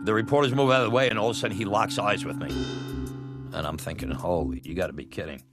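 A middle-aged man telling a personal story, animated and laughing often, acting out what others said. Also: fairly low pitch, fast. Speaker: storyteller, former batboy. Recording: music bed under voice.

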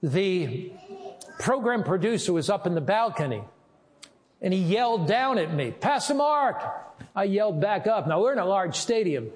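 A middle-aged male pastor preaching a sermon and telling a story, earnest, slowing down to stress key words. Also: sits high, expressive.

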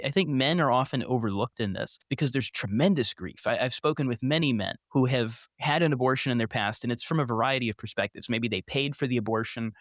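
A man's voice: medium pitch, no echo, studio quality. A man hosting an interview, talking fluently and asking long questions. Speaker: host.

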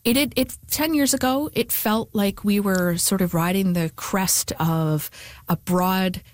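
A woman's voice: mid-range voice, a little slow. A woman author being interviewed, speaking thoughtfully with frequent fillers and restarts. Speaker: author and guest. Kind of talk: conversational interview.

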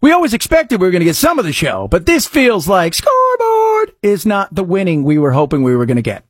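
A man hosting a satirical political commentary show, sarcastic, breaking into mock-shouted outbursts. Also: high voice, wildly swooping pitch, brisk, husky, no echo, clean studio sound. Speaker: show host.

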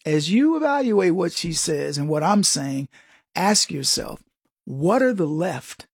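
Husky, animated political commentary host. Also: medium pitch, unhurried, no echo, studio quality. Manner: animated, sarcastic, talks to the audience. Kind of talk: conservative commentary monologue.

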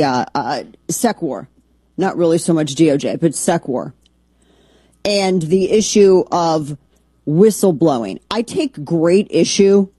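A woman's voice: fairly low pitch, warm tone, slightly rough, dry recording. A middle-aged woman hosting a political talk radio show, combative and sarcastic in her monologue.

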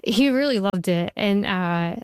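A woman in her forties, a TV writer, answering interview questions with animated storytelling. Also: medium pitch, a little slow, smooth, dry recording, clean studio sound. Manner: animated, acts out quotes while telling a story. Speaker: TV writer and showrunner.

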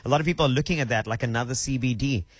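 A man's voice: medium pitch, very fast, breathy edge, no room sound. A man hosting a casual chat, rambling and restarting his sentences. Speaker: host.

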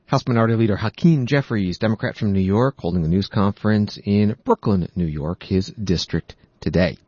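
A man anchoring the news, reading scripted narration in a measured, even way. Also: fairly low pitch, muffled recording.

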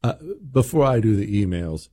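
A man's voice: on the low side, lively intonation, normal speed, dark tone, no echo, clean studio sound. A man in his forties hosting a talk show, giving sarcastic, emphatic opinion commentary. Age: 40s.

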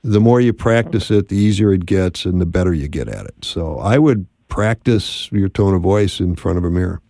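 A man's voice: sits low, expressive, normal speed, gravelly, mellow, no room sound. A man hosting a radio call-in show and giving folksy, friendly relationship advice from the studio. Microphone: studio mic.

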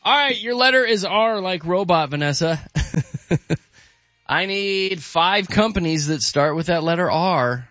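A man's voice: high-pitched, expressive, a little slow, fairly bright tone. A man hosting a radio phone-in game, joking and teasing the callers. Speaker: radio host. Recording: muffled radio broadcast with music.

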